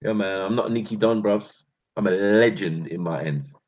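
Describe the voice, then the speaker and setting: A man with a London accent gives a heated, slang-heavy rant, his voice low and husky. The sound is muffled and lo-fi, and he keeps calling out to his listeners as bruv and fam. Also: moderate pace, darkish tone. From England. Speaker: channel host.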